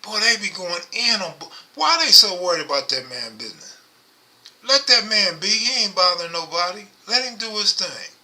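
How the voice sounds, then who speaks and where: A middle-aged man hosting a casual livestream, talking low and rambling close to his microphone. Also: sing-song, moderate pace, sharp tone. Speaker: livestream host. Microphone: microphone held close.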